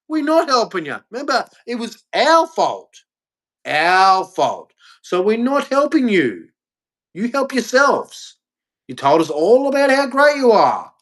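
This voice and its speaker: An Australian man delivers an angry vlog rant straight to camera. He is blunt and profane, and he leans hard on his words. His pitch is lively and swings widely as he talks. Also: slow. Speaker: vlogger. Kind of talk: ranting monologue to camera.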